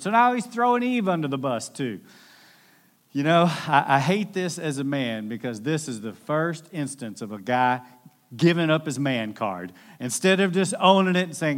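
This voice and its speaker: A man preaching a sermon in a conversational, animated way, with jokey asides and acted-out quotes. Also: fairly high pitch, normal speed. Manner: animated, acts out quoted voices. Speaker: pastor.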